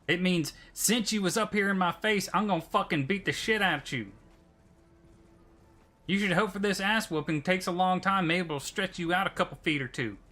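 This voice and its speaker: Guy putting on a tough guy, bright high-ish voice, slow threats. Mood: menacing. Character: rough redneck male brawler, menacing.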